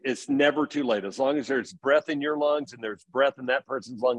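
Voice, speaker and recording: A man's voice: mid-range voice, moderate pace, no room sound. A middle-aged man as a podcast guest, earnestly telling stories about parenting in casual conversation. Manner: earnest storytelling.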